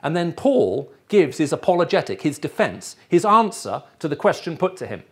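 A middle-aged man with an English accent, raised in the Middle East, preaches a sermon to a live audience and often checks in with his listeners. His voice is a little high and sing-song, with a breathy edge, moving at normal speed.

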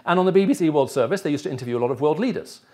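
With a slightly high, darkish voice and lively intonation, he speaks in rapid-fire bursts. The speaker is a middle-aged, English-accented man raised in the Middle East, preaching a sermon to a live audience and frequently checking in with them as he teaches.

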